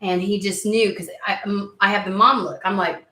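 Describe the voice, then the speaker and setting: A woman's voice: medium pitch, steady tone, moderate pace, bright, forceful tone, roomy sound. A woman in her thirties chatting casually to camera as a tarot channel host, rambling with lots of fillers and restarts.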